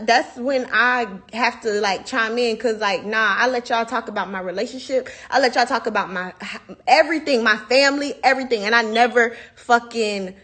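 A woman's voice: fairly high pitch, a bit bright. A young woman ranting bluntly and profanely into her phone on a livestream. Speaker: livestream host. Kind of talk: heated casual livestream rant.

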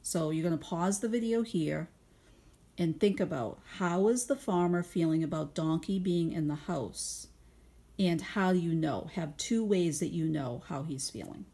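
A woman teacher reading a picture book aloud to young children at home over video, stopping to ask gentle guiding questions and explain her thinking patiently. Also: fairly low pitch, measured pace, husky.

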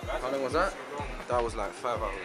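A man's voice: medium pitch, moderate pace, loud music behind the voice, a loud crowd. A young man, narrating a casual vlog to viewers from the street and public transport. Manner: chatty, addresses viewers directly. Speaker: vlogger.

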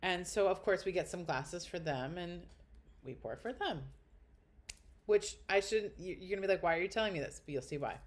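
A woman's voice: fairly low pitch, fairly quick. A woman guest on a podcast, telling a story in casual chat, blunt and crude, acting out quotes with big jumps in her voice.

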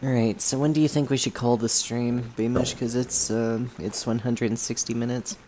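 A man hosting a casual gaming stream, relaxed and chatty with plenty of fillers. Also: medium pitch, normal speed, slight background noise, rough recording. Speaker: stream host.

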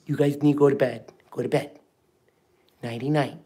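A man hosting a casual live stream at home, talking fondly to puppies with soft baby talk. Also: mid-range voice, steady tone, moderate pace, slightly rough. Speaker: host of a live puppy stream.

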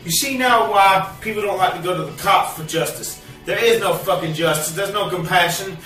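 A man ranting to the camera at home in a bitter, profane vlog, now and then bursting into shouts. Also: high voice, normal speed, reverberant, far from the mic, faint music behind. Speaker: vlogger. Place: cluttered home, indoors.

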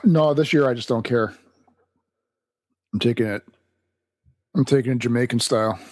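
A man's voice: mid-range voice, moderate pace, darkish tone, no echo. A man co-hosting a podcast in casual chat, dry and jokey, often mock-complaining. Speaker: podcast co-host.

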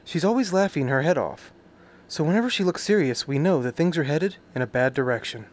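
A man's voice: fairly high pitch, lively intonation, a little fast. A man streaming a game, reading its subtitles aloud and adding crude, joking commentary full of swearing. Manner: crude, joking, swears often, reacts loudly.

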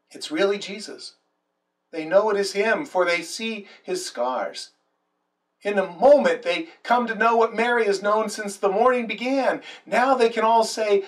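Slow, high-voiced preacher man. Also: animated, far from the mic. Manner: dramatic storytelling with quoted dialogue. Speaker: pastor. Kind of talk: sermon.

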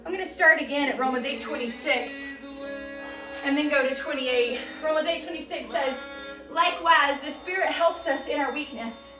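A woman fitness instructor leading a live workout and a faith teaching, with energetic, encouraging coaching and earnest explanation. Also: high-pitched. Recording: echoey room, voice from a distance, faint music.

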